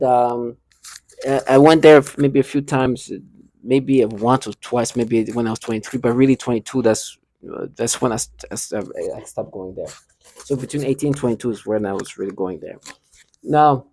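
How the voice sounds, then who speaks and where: A man talking to camera in a rambling, halting monologue, restarting and repeating himself often. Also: mid-range voice, a little mellow, dry recording. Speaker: vlogger.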